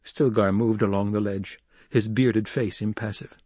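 A man narrating an audiobook in a measured, even delivery. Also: lowish voice, no echo.

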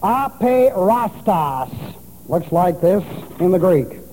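Slow and sing-song, with a high-sitting voice and dark tone, a pastor spells Greek words letter by letter while teaching an expository sermon emphatically. Long large-hall reverb fills the recording, along with a little hiss or hum.

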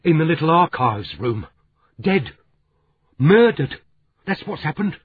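A man voicing a blunt, foul-mouthed woman in an audiobook, speaking in coarse, shrill outbursts. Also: big pitch swings, takes it slowly, breathy edge, dry recording, narrow, tinny audio, heavily acted. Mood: horrified, blunt.

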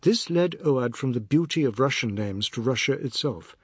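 A man reading a novel aloud as an audiobook narrator, in a measured literary manner. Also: medium pitch, expressive, husky, no echo, clean studio sound. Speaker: audiobook reader. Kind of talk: scripted narration.

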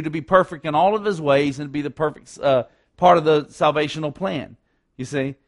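Man, pastor, sermon, emphatic, repetitive, slightly high voice. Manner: emphatic, repetitive, rhetorical asides.

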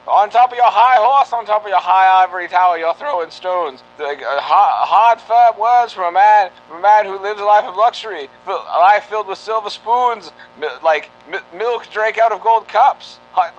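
A man's voice: sits high, a bit bright. A man putting on a self-righteous old-time radio announcer voice, giving grandiose, indignant speeches with frequent stammered restarts. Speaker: podcast host. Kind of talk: 1940s radio announcer parody. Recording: dull lo-fi podcast audio.

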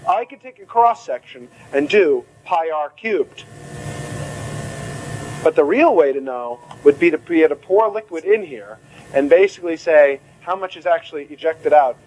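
A man giving a medical lecture to a class in an animated, theatrical way, acting out confused students. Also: a little high, moderate pace, slight background noise, low-quality recording.

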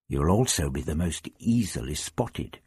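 A man voicing a caring, level-headed young woman who speaks gently but with urgency. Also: very deep voice, measured pace, slightly rough, voice pushed down, heavily acted. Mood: gentle.

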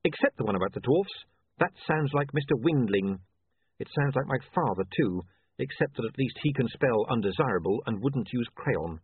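A man voicing a wry, anxious young male newspaper editor who talks in a hurried way. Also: medium pitch, animated, husky, no room sound. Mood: firm. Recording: tinny phone-like, dry.

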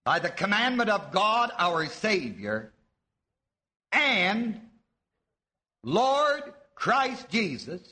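A man preaching to a live congregation with a high, bright voice that swoops up and down a lot. He teaches at an unhurried pace, quizzing his listeners and leaning hard on key words. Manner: teaching, asks the audience questions, stresses words slowly. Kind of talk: sermon. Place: church before a live audience.

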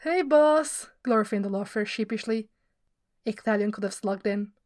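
A woman reading a story aloud as a podfic reader, in steady, even storytelling narration. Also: mid-range voice, moderate pace, no room sound, clean studio sound.

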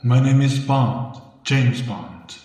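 A man putting on a suave, smug secret agent with a husky, breathy voice, pitched in the middle range. He keeps the purring "sexy" tone in every line. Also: takes it slowly, mellow, some chatter behind.

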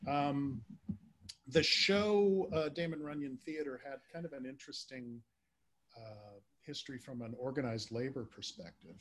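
A man hosting a podcast in a casual chat, speaking haltingly with many filler words. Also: medium pitch. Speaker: podcast host. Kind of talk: casual chat about old-time radio.

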